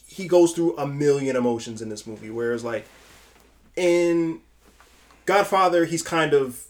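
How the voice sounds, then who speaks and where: A young man co-hosting a podcast in casual chat, animated and profane, with stretches where he acts out lines himself. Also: a little high, unhurried. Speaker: podcast co-host.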